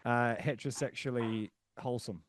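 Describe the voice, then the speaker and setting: A man's voice: medium pitch, fairly even intonation, moderate pace, no room sound, studio quality. A young man hosting a casual interview, bantering with a lot of filler words. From Australia. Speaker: podcast host.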